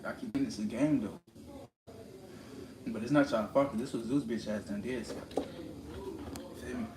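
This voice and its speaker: Medium in pitch and normal in speed, this man's live stream monologue is a preachy, confrontational rant. He repeats lines for emphasis, and steady background noise runs under a roomy echo.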